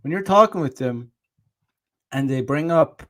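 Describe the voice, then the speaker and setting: A man's voice: fairly high pitch, animated, unhurried. Rambling man telling a dating story. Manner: rambling, restarts, swears, laughs at his own story; reads out viewer comments. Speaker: dating channel host. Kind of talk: casual monologue with reenacted dialogue.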